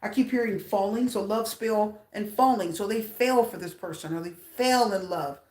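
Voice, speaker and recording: At a normal pace and medium pitch, a tarot reader gives a lively, casual reading in an echoey room. She talks straight to her viewers and repeats phrases to emphasize them.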